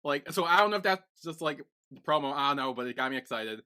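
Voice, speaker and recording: A man co-hosting a podcast, recapping a TV series in casual chat, rambling and excitable with lots of fillers. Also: a little high, quick pace, clear, resonant tone. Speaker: podcast co-host.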